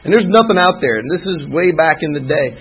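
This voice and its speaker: A man's voice: a little high, animated, fairly quick, gravelly, husky, highs cut off. A middle-aged man, sharing his personal story from the podium of a recovery meeting with wry, folksy humor. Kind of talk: personal testimony talk. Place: meeting hall, speaking from a podium.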